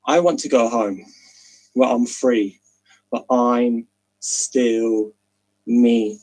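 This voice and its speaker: A man performing a spoken word poem slowly and dramatically, with long pauses, over a video call. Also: medium pitch, rough recording.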